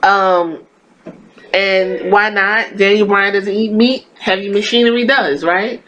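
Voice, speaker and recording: A woman's voice: mid-range voice, steady tone, slow pace, fairly bright tone, muffled recording, slight background noise. A woman hosting a podcast, giving a casual wrestling review in a blunt, profane, exasperated and sarcastic rant. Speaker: podcast host.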